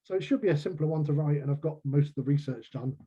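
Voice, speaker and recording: A man's voice: on the high side, fast, warm tone, breathy edge, highs cut off. A man, a crime novelist, chatting as a guest on a video call and laughing at his own jokes. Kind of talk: casual video-call chat.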